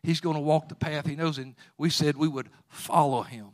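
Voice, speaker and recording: Male preacher, slightly high voice; fervent sermon delivery, quiet retellings building to loud exhortation. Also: moderate pace, few pauses.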